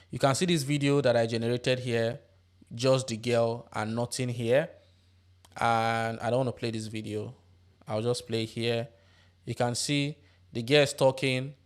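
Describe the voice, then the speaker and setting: A man hosting a tutorial, explaining software steps one by one and checking in with tag questions. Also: mid-range voice. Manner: step-by-step instructive, tag questions. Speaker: tutorial host. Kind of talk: screen-recorded software tutorial.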